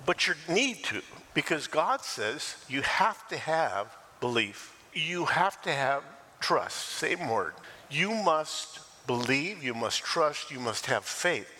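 An older man preaching a sermon as pastor, lively and animated, acting out quoted voices and laughing now and then. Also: on the high side, breathy edge, long reverb tail.

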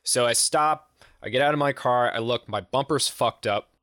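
A man's voice: mid-range voice, moderate pace, no room sound, clean studio sound. A man telling a long road-trip story on a casual podcast, swearing freely and acting out the people he quotes. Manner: profane, animated, acts out quoted voices. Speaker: podcast host.

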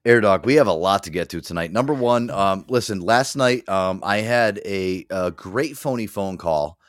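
Deep-ish male show host, dry close sound, chatty and rambling. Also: normal speed, dry recording. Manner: rambling, many fillers and restarts, laughs a lot. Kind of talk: casual chat.

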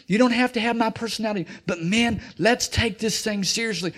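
A middle-aged man preaching a sermon as pastor, talking in an animated way and building up to near-shouted exhortations. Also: high voice, normal speed, few pauses.

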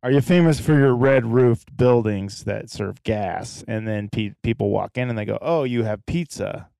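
A man's voice: fairly low pitch, moderate pace, vocal fry, mellow, dry recording. A man hosting a casual podcast chat, asking joking questions. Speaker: podcast host.

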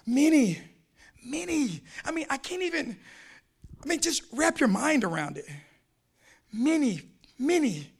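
A man preaching a sermon, repeating phrases for emphasis and reading scripture slowly, swinging between shouted fervor and quiet intensity. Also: very high voice, very animated, vocal fry. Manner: quotes scripture slowly and deliberately.

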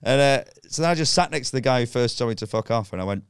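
A man spinning a gig story in a relaxed podcast chat, his pitch bouncing all over. He swears a lot and slips into the voices of the people he talks about. The sound is dry and close. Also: fast talker, smooth, dry recording. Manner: swearing, acts out voices in anecdotes. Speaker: guest comedian.

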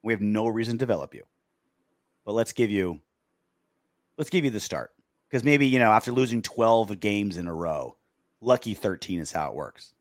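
A man's voice: lowish voice, animated, moderate pace, long pauses, dry recording, studio quality. A man co-hosting a casual post-game sports show, sarcastic and reading out listener comments. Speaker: podcast co-host.

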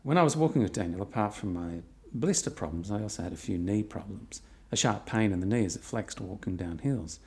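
A man's voice: on the low side, animated, a little fast, mellow. A middle-aged man narrating his own long walk in a reflective way with dry, wry humour. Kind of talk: personal travel narration.

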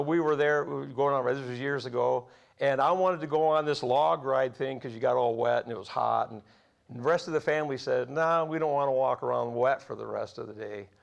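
Gravelly folksy male preacher. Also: on the high side. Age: 40s or older. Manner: folksy storytelling, laughs at own stories. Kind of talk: sermon with personal stories.

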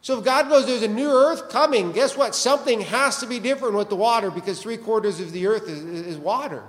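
High-voiced pastor in a reverberant hall. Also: male voice, fairly quick. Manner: conversational, joking, asks the congregation questions. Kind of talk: sermon.

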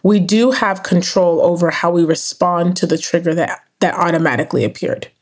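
A woman's voice: on the low side, moderate pace. A young adult woman, a therapist and author, earnestly explaining ideas in an interview and often checking in with "right?". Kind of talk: interview conversation.

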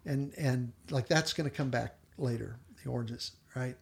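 A man co-hosting a podcast, animatedly retelling a TV episode and quoting the characters in quick little voices. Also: mid-range voice, vocal fry. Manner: animated storyteller, quotes characters in brief voices, laughs often. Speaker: podcast co-host.

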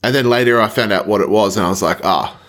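A man's voice: fairly low pitch, racing, fairly bright tone. A man rambling through a story on a casual podcast, swearing and laughing as he goes. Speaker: podcast co-host. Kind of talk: casual chat. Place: Melbourne apartment.

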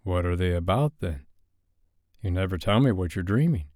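A man voicing a protective man who speaks softly and tenderly to comfort his partner, in a low, dry voice. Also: animated, normal speed, no room sound. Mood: gentle. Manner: soft, soothing, tender.

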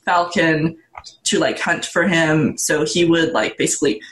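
Podcast co-host, casual and rambling, relaxed humor, echoey room, slight background noise. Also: mid-range voice, a little slow. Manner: meandering, hesitant with fillers, good-humored. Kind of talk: casual chat.

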